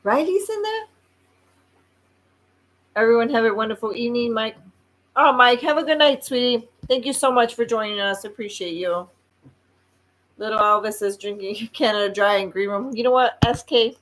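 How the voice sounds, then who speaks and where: A woman's voice: fairly high pitch, animated, moderate pace, long pauses, fairly bright tone, low-quality recording. A woman hosting a casual live show, chatty and playful, often laughing. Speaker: show host.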